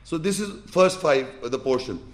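A man's voice: fairly high pitch, expressive, moderate pace. A man giving a religious lesson, explaining and demonstrating step by step with emphatic, repeated instructions. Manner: emphatic, repetitive, demonstrates with gestures. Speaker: Islamic teacher.

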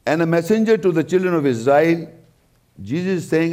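A man's voice: fairly high pitch, animated, fairly quick, darkish tone. A man giving a religious talk, explaining scripture verse by verse and stressing key points by repeating them. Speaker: religious lecturer. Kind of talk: scripture commentary.

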